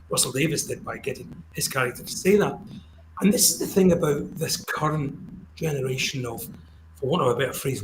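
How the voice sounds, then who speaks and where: Male podcast co-host, fairly high voice, indignant and earnest; roomy, faintly noisy sound. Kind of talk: casual panel discussion.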